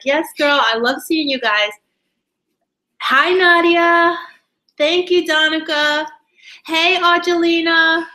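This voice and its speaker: Bubbly high-voiced woman live-streaming. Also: pushed and bright. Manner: bubbly, drawn-out greetings, giggly. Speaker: YouTuber greeting live chat viewers. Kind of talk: casual live-stream chat. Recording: echoey room.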